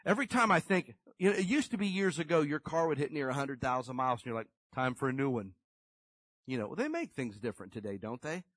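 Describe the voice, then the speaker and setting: A man preaching a conversational sermon, folksy and animated, acting out little scenes as he tells stories. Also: a little high, fast, few pauses, no echo. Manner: folksy, animated storytelling with acted-out quotes.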